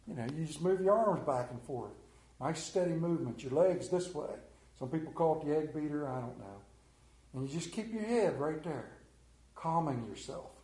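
A middle-aged male pastor preaching a sermon, telling the story with lively acted-out scenes and sudden drops to a hush. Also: moderate pace. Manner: animated storytelling, acts out scenes with big pitch swings. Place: room with a congregation. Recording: echoey room.

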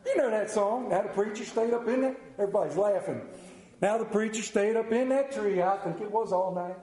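In an echoey space like a large hall, a preacher talks a little fast through a folksy, heartfelt sermon on his personal faith, reading passages of scripture aloud. His voice is high yet mellow and dark.

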